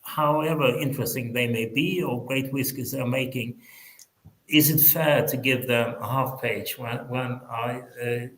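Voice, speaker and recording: A man's voice: medium pitch, fairly even intonation, a little slow, a bit bright. Hesitant man with a background, echoey. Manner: hesitant, repeats words, enthusiastic. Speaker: whisky book author, guest. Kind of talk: casual online chat.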